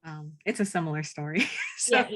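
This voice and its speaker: A woman's voice: deep voice, lively intonation, normal speed, fairly bright tone. A woman presenting her team's story to an online class, giggling and a little sheepish. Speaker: workshop participant. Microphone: video call.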